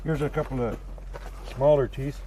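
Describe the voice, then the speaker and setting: Blunt, profane gold miner telling stories. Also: male voice, medium pitch, steady tone, moderate pace, mellow, slight background noise. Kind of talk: casual storytelling.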